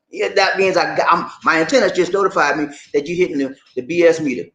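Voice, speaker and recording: A man's voice: a little high, fast talker, hardly any pauses. A man hosting his own show, talking casually and playfully to his viewers, repeating and rhyming his phrases and asking them to answer back. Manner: animated, playful, call-and-response with viewers. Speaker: show host. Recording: echoey room.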